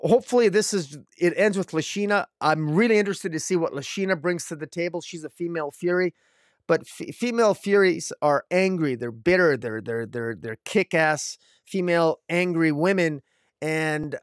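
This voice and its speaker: Casual male comic reviewer from Canada, rambling delivery, slightly high pitch, dry close recording. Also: no room sound. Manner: rambling, frequent fillers and restarts.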